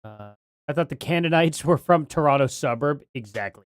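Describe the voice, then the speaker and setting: A man's voice: on the high side, lively intonation, moderate pace, dry recording, clean studio sound. A man hosting a casual live stream, rambling and thinking aloud as he reads names from chat.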